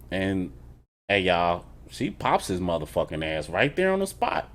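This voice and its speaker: A man giving a casual reaction review of a TV episode, retelling scenes in an animated, profane way with chuckles between remarks. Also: fairly low pitch, normal speed.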